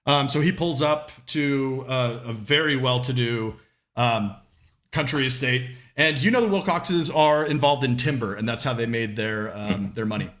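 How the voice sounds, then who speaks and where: A man's voice: medium pitch, moderate pace, fairly bright tone. A man narrating a tabletop game as game master, casual and full of fillers.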